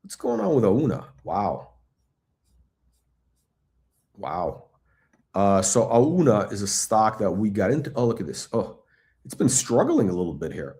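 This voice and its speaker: A middle-aged man hosting a live stock chat, talking in an excitable, blunt, repetitive way and swearing now and then. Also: lowish voice, measured pace, long pauses. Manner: excitable hype, blunt, swears, repeats himself. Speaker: stock channel host. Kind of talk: livestream stock chat reading chat questions.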